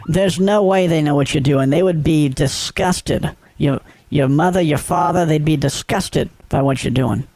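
A man's voice: a little high, normal speed, creaky, hardly any pauses, darkish tone, no room sound. A man voicing a woman on a phone call who plays dumb and then scolds the caller sternly. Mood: scolding. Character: naive older-sounding American woman caller turned scolding. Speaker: scam baiter.

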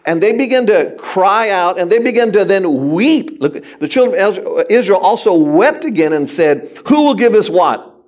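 A male pastor delivering a sermon in a church, his voice sitting high for a man. He speaks animatedly to the congregation, mixing humor with his points. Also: expressive, moderate pace, hardly any pauses. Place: church sanctuary.

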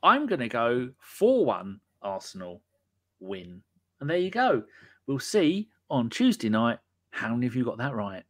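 A man's voice: mid-range voice, sing-song, a little slow. A man hosting a casual podcast and live chat. He talks in cheeky, sweary, jokey banter. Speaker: podcast host.

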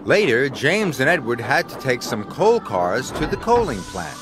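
A man reading scripted storybook narration for a children's cartoon, slow and expressive. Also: mid-range voice, over music.

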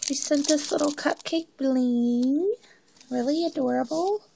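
A woman chatting excitedly as she unboxes crafting mail, filming on her phone at home, gushing over each item. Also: sits high, a little slow, creaky, slight background noise, low-quality recording. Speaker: crafting vlogger. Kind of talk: casual unboxing chat.

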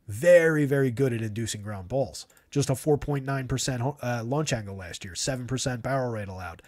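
A man with a mid-pitched voice hosts a live fantasy baseball stream, rattling off percentages and launch angles. He gives frank, opinionated takes on players. The sound is close and dry, with no room echo. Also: a little mellow. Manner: rapid stat-heavy analysis, opinionated. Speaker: fantasy baseball analyst host. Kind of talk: live stream stat breakdown.

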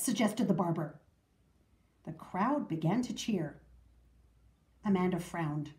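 Expressive woman reading a storybook. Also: on the low side, a little slow, long pauses, echoey room. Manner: expressive, sing-song reading. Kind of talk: children's storybook read-aloud.

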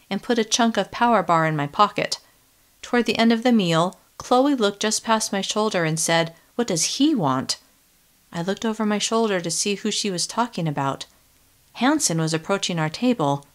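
A woman reading a first-person young adult novel in a steady, measured audiobook narration. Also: lowish voice.

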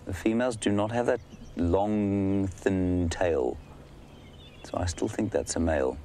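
A man's voice: low voice, measured pace, mellow, a little hiss or hum. A man hosting a live safari broadcast, chatting and explaining to viewers while answering their questions by name. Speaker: safari guide and live host. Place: outdoors in the bush. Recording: faint outdoor ambience behind.

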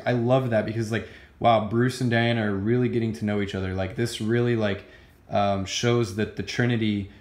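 A man with a lowish voice, recorded in an echoey room, casually reviews a comic book. Excited and gushing, he rambles with lots of fillers and restarts.

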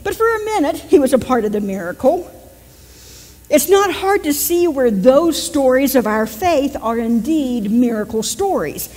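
A woman's voice: high-pitched, very animated, a little slow, darkish tone, big-room sound. A woman pastor with a West Virginian accent, giving a conversational sermon and joking with her congregation. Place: church sanctuary.

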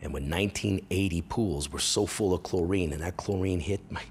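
A Canadian man in his forties, a comedian hosting his own show, telling a crude, animated life story and breaking into loud impressions and yells. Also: low-pitched, fairly quick, a little hiss or hum. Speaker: comedian host.

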